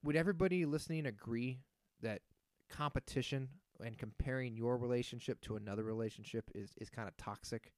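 A man's voice: medium pitch, a little fast, darkish tone, no echo, studio quality. A man in his thirties hosting a solo podcast, ranting in a sarcastic, crude, casual way. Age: 30s. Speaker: podcast host.

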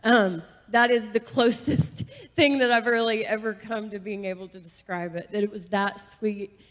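A woman sharing a personal testimony in a church, talking earnestly and chattily with fillers and soft laughs. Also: medium pitch, fairly even intonation, normal speed. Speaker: guest giving testimony. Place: church sanctuary. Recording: long reverb of a large hall.

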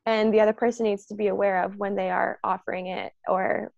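Speaking briskly in a gravelly mid-range voice, this woman chats casually about spirituality, energy, and consent. She peppers her talk with "like" and "um" and animatedly impersonates whoever she's quoting. There's no room sound, and the top end is trimmed.

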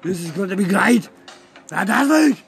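A man co-hosting a casual karaoke podcast, joking around and trying out falsetto and inhale singing. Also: fairly quick, vocal fry, soft background music.

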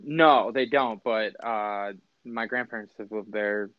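A man's voice: on the low side, measured pace, no echo. A young man co-hosting a casual podcast, telling stories and laughing between phrases. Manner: storytelling, laughs mid-sentence. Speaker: podcast co-host. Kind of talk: casual chat. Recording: dry, muffled lo-fi audio.

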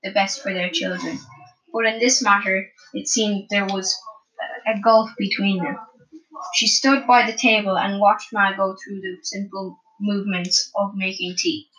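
A woman reading a novel chapter aloud in steady storytelling narration. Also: mid-range voice, measured pace, poor audio. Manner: steady storytelling with small restarts. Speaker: audiobook narrator. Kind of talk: audiobook narration.

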